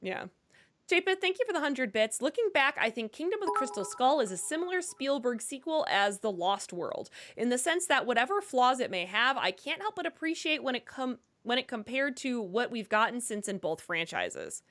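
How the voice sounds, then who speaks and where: A woman's voice: fairly high pitch, big pitch swings, normal speed, fairly bright tone. A woman co-hosting a live stream, reading viewer donations and questions aloud.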